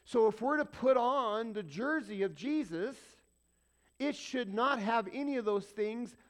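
A man's voice: very high voice, expressive, unhurried. A man preaching a conversational sermon, asking rhetorical questions and repeating points for emphasis. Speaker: pastor.

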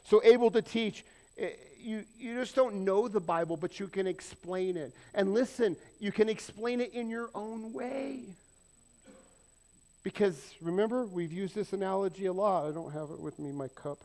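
Casual middle-aged pastor, slightly high voice. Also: male voice, moderate pace. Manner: casual and lively, with self-deprecating asides and acted-out quotes. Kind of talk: conversational sermon. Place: church sanctuary.

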